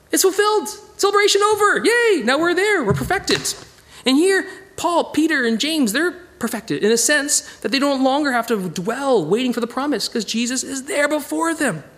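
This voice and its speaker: Animated high-voiced Bible study teacher. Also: male voice, normal speed. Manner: animated and digressive, with chuckles.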